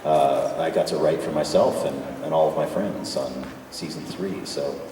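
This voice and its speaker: At a convention panel, a guest voice actor with a very deep voice answers fan questions at normal speed, enthusiastic and joking. The convention hall sounds echoey, picked up from far off with faint noise.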